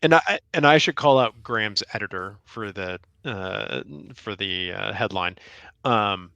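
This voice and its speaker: Man, bright tone, dry close sound, wry joking co-host, reads listener questions. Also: lowish voice, a little slow, creaky, clear, resonant tone, no room sound. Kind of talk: casual sports podcast chat.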